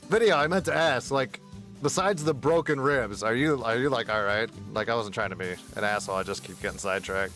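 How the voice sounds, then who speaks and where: A male game streamer chatting casually with his viewers, his stories rambling and heavy on swearing. His voice sits in a middle pitch range. Faint music plays under his talk. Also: fairly bright tone. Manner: rambling, profane storytelling with bursts of laughter.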